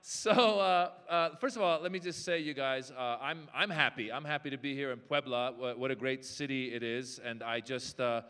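A man's voice: medium pitch, moderate pace, hardly any pauses, pushed and bright, smooth. A man doing a stand-up comedy set on stage, chatty and loose, teasing the crowd. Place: large hall on stage. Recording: long hall reverb.

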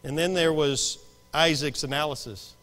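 A man preaching a sermon, swinging between hushed lines and sudden shouts. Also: a little high, fairly even intonation, normal speed, in a large hall, soft background music. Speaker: pastor. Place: church sanctuary.

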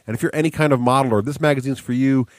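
A man's voice: mid-range voice, racing, dry recording, clean studio sound. A man hosting a podcast, chatting casually and enthusiastically. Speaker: podcast host. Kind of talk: casual chat.

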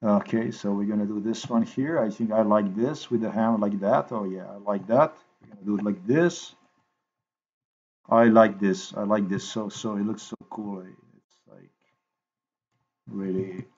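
A man talking to his viewers in a rambling, halting way while he edits a video, repeating himself and filling gaps with "you know". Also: lowish voice, a little mellow, breathy edge, lo-fi sound. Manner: repetitive, halting, thinks aloud with many fillers. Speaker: video maker.

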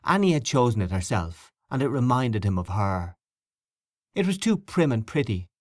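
A man narrating a classic short story in a measured, quietly expressive reading. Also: mid-range voice, dry recording, studio quality. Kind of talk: literary audiobook reading.

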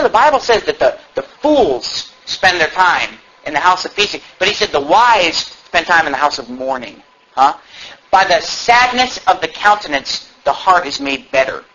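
A pastor delivers a fiery sermon to his church, swinging between low, mocking asides and loud, fervent calls where he shouts and climbs high. The church recording is dull and low-fidelity, with a faint hiss.

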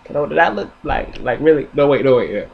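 A man's voice: mid-range voice, animated, quick pace, creaky, narrow, tinny audio, pitched above the performer's own voice. A man doing a brash, slangy talking dog. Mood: begging. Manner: street slang, boastful threats.

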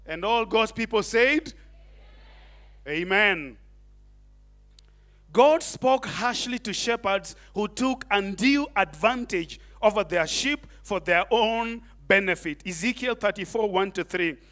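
A middle-aged man preaching a sermon, animated, tossing in Swahili asides and questions to the congregation. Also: sits high, takes it slowly. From Kenya. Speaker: pastor.

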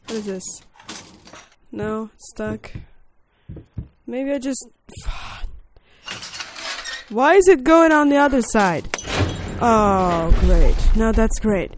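A woman's voice: fairly high pitch, lively intonation, slow, pauses often, background noise. A young woman hosting a horror game let's play, jumpy, yelping and laughing nervously as she plays. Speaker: gaming video host. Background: game music.

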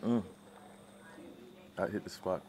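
A Jamaican man with a Jamaican accent, explaining local food in a relaxed, agreeable way on a restaurant terrace. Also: deep voice, slow, a little hiss or hum.

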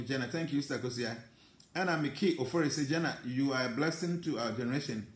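A man's voice: mid-range voice, reverberant. A Ghanaian man with an accent, a spiritual teacher reading out viewer comments and answering them in an emphatic live talk. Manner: mixes English with Twi, animated and emphatic.

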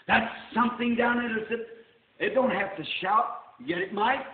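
An older man preaching a sermon in a church, folksy and rising to shouts. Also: extremely high pitch, steady tone, normal speed. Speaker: pastor. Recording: tinny roomy old sermon tape.

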